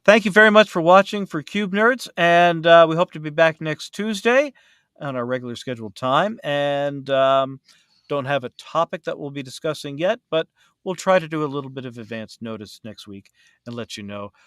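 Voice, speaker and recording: A man's voice: fairly high pitch, expressive, normal speed, a bit bright, clear, resonant tone, no echo. Male podcast host, chatty and rambling, full of fillers; dry recording. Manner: rambling, with many fillers and restarts. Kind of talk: casual chat.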